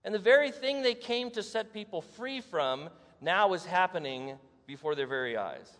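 A man's voice: sits high, lively intonation, moderate pace, fairly bright tone. A male preacher giving a sermon, telling the story dramatically, acting out the scenes and asking the congregation rhetorical questions. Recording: echoey hall.

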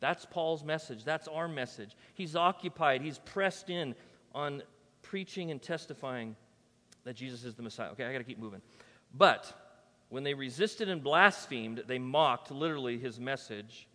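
A man preaching a sermon as pastor, emphatic and conversational, swinging between loud declarations and soft, quiet asides. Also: mid-range voice, moderate pace, long reverb tail. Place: church.

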